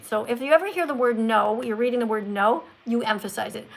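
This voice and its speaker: Livestream host, woman, teacherly, coaches pacing and emphasis, slightly high pitch. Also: gravelly, poor audio. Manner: teacherly, slows down to stress words. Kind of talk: casual livestream chat, coaching a caller.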